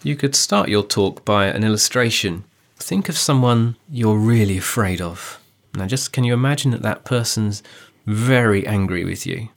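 A man discussing how to preach a passage, speaking in an earnest, measured way with emphasis on key phrases. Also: lowish voice. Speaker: preacher giving a preaching guide. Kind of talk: teaching dialogue on sermon preparation.

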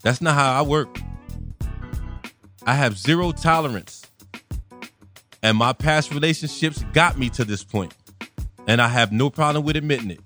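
A man's voice: mid-range voice, normal speed, pauses often, sharp tone, soft background music. A man in a casual monologue rant, blunt, profane and exasperated.

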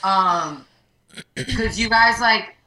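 Young woman rambling, bright tense voice. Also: medium pitch, drawn-out words, roomy sound, a little hiss or hum, low-quality recording. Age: young adult. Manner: rambling with many fillers. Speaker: livestreamer. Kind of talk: casual chat.

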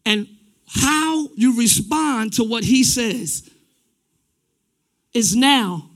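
A man preaching a lively sermon, shouting one moment and dropping low the next, acting out little scenes with his congregation. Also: very slow. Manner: swings between shouting and dropping to a low confiding voice. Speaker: pastor.

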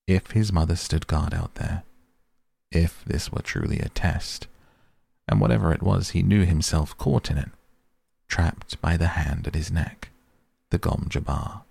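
A man narrating an audiobook in a measured, grave storytelling manner, recorded on a close studio mic. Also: low voice, steady tone, vocal fry, darkish tone, breathy edge. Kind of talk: scripted narration.

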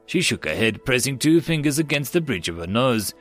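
Brief: male storyteller, measured and descriptive, mid-range voice, soft music bed. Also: medium pitch, very animated. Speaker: narrator. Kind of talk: scripted story narration.

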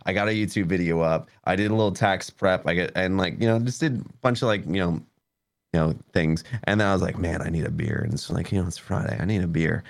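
A man guests on a podcast and tells a long rambling story, full of fillers. His voice sits on the low side. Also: quick pace. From Memphis, Tennessee. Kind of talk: casual storytelling.

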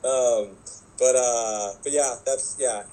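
A man's voice: mid-range voice, takes it slowly, warm tone, clear, resonant tone, rough recording. A man co-hosting a podcast, chatting in a rambling, laid-back way and swearing casually. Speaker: podcast co-host. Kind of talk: casual chat.

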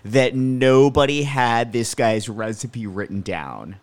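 A man's voice: mid-range voice, slow, no room sound. A man co-hosting a podcast, blunt and exasperated, swearing freely in casual chat about a film. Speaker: podcast co-host. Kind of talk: casual movie-review chat.

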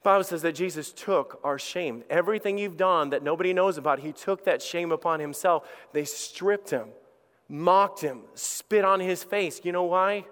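A man's voice: sits high, normal speed, a bit bright, clean tone. A middle-aged male pastor preaching an impassioned sermon, acting out the voices of his listeners. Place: church auditorium. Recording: long reverb of a large hall.

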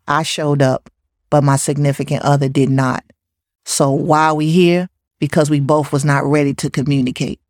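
Animated woman co-host in a dry studio. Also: low voice, no echo. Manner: lively, laughs often, animated quoting of others. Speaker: podcast co-host. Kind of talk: casual advice talk.

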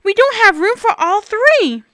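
A fretful, stammering pet sitter, high and a little breathless with worry, as a woman plays him. The reading is bright and dry, close to the mic, in a storybook voice. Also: animated, unhurried, no echo, full character voice. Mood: exasperated. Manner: stuttering, fretful. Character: flustered nervous male pet sitter.

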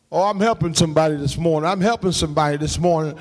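A man preaching a sermon as pastor, calling out to the congregation and rising into shouts and half-sung lines. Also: on the high side, fast talker, hardly any pauses, long reverb tail. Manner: call-and-response preaching, shouting and half-singing. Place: church sanctuary.

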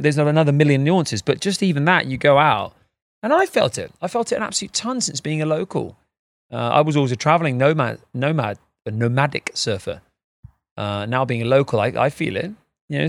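Bloke chatting on a podcast, rambly and lively, bit of swearing, dry close sound. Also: male voice, mid-range voice, gravelly, no room sound. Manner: animated, rambling, swears casually. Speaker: podcast co-host. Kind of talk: casual podcast chat.

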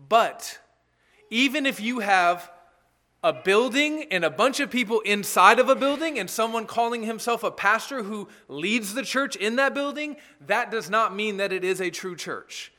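A man's voice: high voice, expressive, normal speed, sharp tone. A man preaching an earnest, emphatic sermon as pastor, with asides to the congregation.

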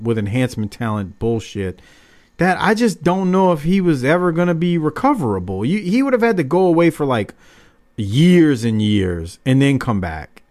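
A man's voice: medium pitch, darkish tone. Rambling man hosting a podcast. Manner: loose, rambling, fired-up opinions. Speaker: podcast host. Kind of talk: casual podcast chat.

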